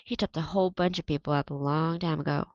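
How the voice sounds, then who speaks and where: A woman's voice: low-pitched, fairly even intonation, fast talker, dry recording, dull audio, lightly acted. A woman reading aloud and voicing a teenage boy who eagerly backs up his friend's story. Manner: chiming in, eager.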